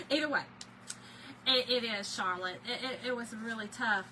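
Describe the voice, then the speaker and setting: A woman's voice: fairly high pitch, a little slow, background noise. A woman with a Southern US accent, chatting casually on a live stream as she crafts and greets viewers by name. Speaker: livestream crafter.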